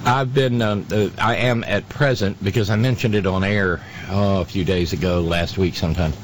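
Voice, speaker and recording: A man hosting a radio talk show, talking in a halting way full of fillers and restarts, with sardonic asides. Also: sits low, steady tone, slight background noise. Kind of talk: casual on-air commentary.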